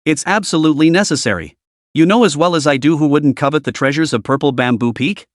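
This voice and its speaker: A man's voice: on the high side, fast talker, no echo, clean studio sound, lightly acted. A man voicing an eager young disciple. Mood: hushed. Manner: earnest, secretive.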